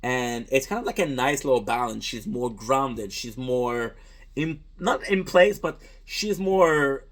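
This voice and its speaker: A man of middling pitch, a native French speaker, talks straight to his audience as a streamer in a casual, reflective monologue. He is earnest and rambling, circles back with restarts and drops casual swear words. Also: lively intonation, slow pace. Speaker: content creator and streamer.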